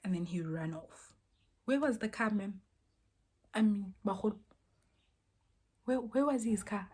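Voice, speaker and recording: A young woman tells a personal story casually, dropping to near-whispers and then bursting out loudly as she acts out what people said. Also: mid-range voice, a little slow, breathy edge. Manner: animated, swings between soft near-whispers and loud exclaimed quotes.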